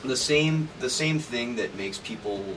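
A man's voice: medium pitch, unhurried. A man interviewing a guest in a hesitant, reassuring way, with many fillers. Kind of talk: conversational interview. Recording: distant mic with noisy background.

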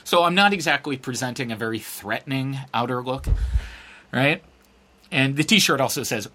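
A middle-aged man telling a story in a casual, sarcastic and profane way, acting out quotes with big jumps in his voice. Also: brisk. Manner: animated, acts out quotes with big pitch jumps.

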